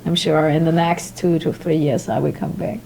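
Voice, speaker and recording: A woman's voice: low-pitched, steady tone, normal speed, creaky, a little mellow, slight background noise. A young woman from Austria, a native German speaker with an Austrian German accent, chatting as an interview guest. She laughs easily and hesitates often with fillers. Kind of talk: casual interview chat.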